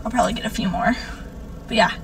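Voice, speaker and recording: Brief: chatty woman with vocal fry, recorded from a distance in a played video clip. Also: fairly high pitch, quick pace, a bit bright, a little hiss or hum. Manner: chatty, lots of "like" fillers. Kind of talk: casual video talk.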